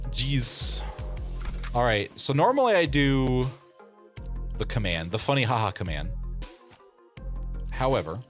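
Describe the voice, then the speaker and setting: A male streamer giving live game commentary, playful and quick to laugh, with lots of exclamations. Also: mid-range voice, fairly bright tone.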